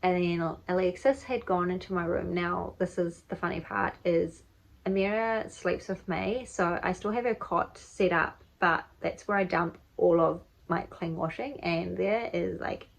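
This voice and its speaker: A woman's voice: on the low side, measured pace, creaky, low-quality recording. A woman with a New Zealand accent, a mother telling a casual, rambling story for her vlog at home. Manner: chatty, rambling, many fillers like "like" and "um". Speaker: vlogger and mother. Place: home, indoors.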